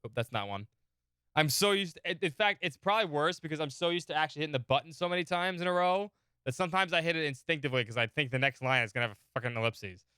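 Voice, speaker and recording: A man's voice: fairly high pitch, fast, sharp tone, smooth, no room sound, clean studio sound. A man streaming a game, chatting casually, joking and counting along. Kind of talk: casual game livestream commentary.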